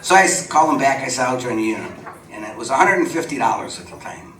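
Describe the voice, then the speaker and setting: A guest storyteller, an older man, talks fast and animatedly in a medium-pitched, slightly bright voice. Chatty and quick to laugh, he acts out quoted dialogue on a supper club stage, recorded from a distant mic with roomy sound and background noise.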